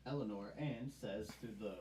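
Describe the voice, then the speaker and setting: A co-host reading chat messages aloud on a live stream, halting and full of fillers. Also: mid-range voice, dark tone. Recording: distant roomy mic with faint hiss.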